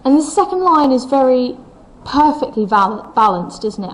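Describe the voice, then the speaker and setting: A woman's voice: medium pitch, fairly quick, hardly any pauses, rough recording. A woman teaching a recorded English lesson, explaining a poem step by step and reading its lines aloud with the stresses brought out.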